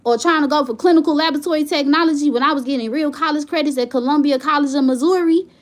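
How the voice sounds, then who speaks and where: A high-pitched woman vents to the camera. She talks in a heated, rambling way and circles back over the same points. It sounds like a candid home vlog. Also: quick pace. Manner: heated, rambling, repeats herself when upset. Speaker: vlogger.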